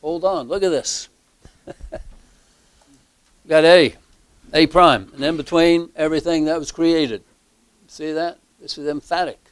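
Male Bible teacher, very slow halting delivery, smooth clear voice, dry close sound. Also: fairly high pitch, steady tone, no echo. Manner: slow, halting, many fillers and restarts; emphatic repetition.

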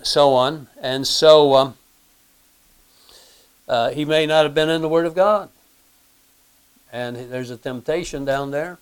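Man preaching with a smooth, clear voice. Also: medium pitch. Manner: plain conversational preaching, frequent throat-clearing and fillers; asks the listeners rhetorical questions. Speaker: pastor. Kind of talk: sermon.

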